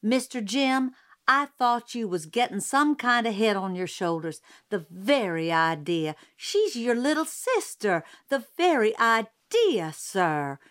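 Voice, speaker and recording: Stern scolding housekeeper, Southern dialect, high and loud, put on by a woman reader. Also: big pitch swings, takes it slowly, heavily acted.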